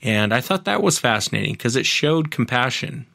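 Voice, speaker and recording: A man's voice: medium pitch, expressive, normal speed, gravelly, pushed and bright, no room sound. A man, a podcast host appearing as a guest, earnestly retelling other people's encounters at length in a casual interview.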